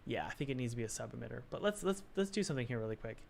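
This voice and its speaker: Male game dev, mid-pitch, muttering self-talk while working, confused asides. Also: lively intonation, very fast, creaky, slight background noise. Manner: muttering to himself, puzzled, self-talk with sighs. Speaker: game developer. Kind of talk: thinking aloud while working.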